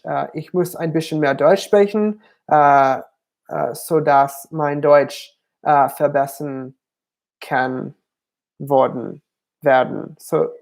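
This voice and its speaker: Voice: medium pitch, vocal fry, a little mellow. A language channel host answering viewer questions on a livestream, hesitant and thinking aloud with frequent ums.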